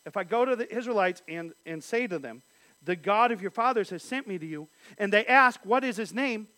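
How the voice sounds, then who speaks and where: A man's voice: high-pitched, animated, a little fast, bright, forceful tone, no echo. A man teaching a Bible study, reading scripture passages aloud and then explaining them.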